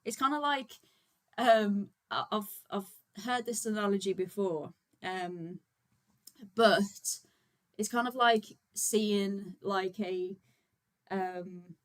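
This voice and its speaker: Talking at a slow pace in a mid-range voice, a Birmingham woman hosts a casual livestream chat. The vegan activist is chatty and informal, peppering her words with fillers while addressing viewers and setting up.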